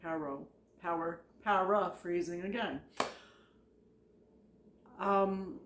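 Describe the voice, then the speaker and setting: A woman's voice: medium pitch, fairly even intonation, normal speed, slight background noise. Woman, vlogger, casual storytelling, rambling and chatty, lots of "like", laughs often, echoey room. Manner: chatty, rambling, heavy use of "like", frequent laughter. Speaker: vlogger recounting retail work stories.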